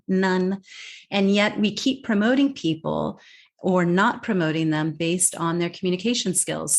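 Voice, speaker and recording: A woman who works as a communication coach, talking in an interview quickly and emphatically, often restarting words and voicing what her clients say. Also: medium pitch. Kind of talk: interview conversation.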